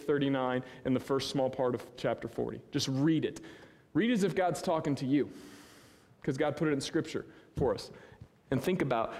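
Earnest preacher in a reverberant hall. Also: male voice, fairly high pitch. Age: 30s. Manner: earnest, conversational preaching with sudden rises and hushed drops. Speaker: pastor. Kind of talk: sermon. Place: church sanctuary.

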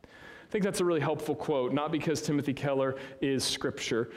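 A man preaching a sermon as pastor, conversational and earnest, swinging from raised emphasis to hushed asides. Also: on the high side, normal speed. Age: 30s. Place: church sanctuary. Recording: long hall reverb.

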